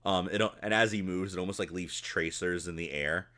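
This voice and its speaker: Low bright-voiced man running a game. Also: fairly even intonation, fairly quick. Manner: laughs often while narrating. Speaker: game master. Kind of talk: narrating a tabletop game.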